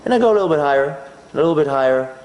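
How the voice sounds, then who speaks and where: Animated man, high lively voice. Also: very fast, roomy sound, lo-fi sound. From Israel. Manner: animated, acts out his inner voice. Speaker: speaker. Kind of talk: personal story told as a talk.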